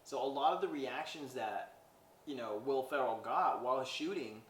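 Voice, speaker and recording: A man's voice: mid-range voice, animated, moderate pace, slight background noise. A man hosting a podcast, recapping a movie in a loose, rambling way with lots of "he's like" quotes. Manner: rambling, retells scenes with "he's like" and acted quotes. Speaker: podcast host. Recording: echoey room, mic at a distance.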